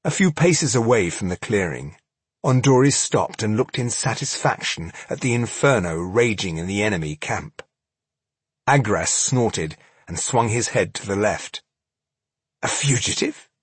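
A man reading fantasy fiction aloud as an audiobook narrator, with dramatic, measured storytelling. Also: on the low side, lively intonation, breathy edge, dry recording.

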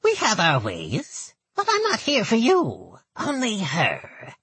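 A man's voice: sits high, huge pitch swings, slow pace, a bit bright, slightly rough, no room sound, voice pushed up, exaggerated voice. A man voicing a hunched, scheming female goblin envoy in an audiobook, with a thick nasal voice and a sly, insinuating manner. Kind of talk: audiobook narration.

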